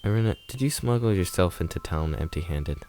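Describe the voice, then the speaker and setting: A man's voice: sits low, expressive, a little fast, darkish tone, slight background noise. Black Iris: a man reading a cold, formal mnemonicide. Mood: dry. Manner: stiff, formal, curt. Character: young woman, cold aloof Mnemonicide, disdainful. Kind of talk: reading a visual novel aloud.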